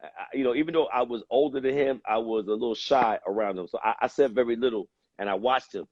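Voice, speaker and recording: A male actor as guest on a talk show, telling stories slowly and reflectively, acting out quoted voices and swearing now and then. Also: mid-range voice, darkish tone, no echo, lo-fi sound. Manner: slow, reflective storyteller who acts out quoted voices and swears. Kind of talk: casual chat.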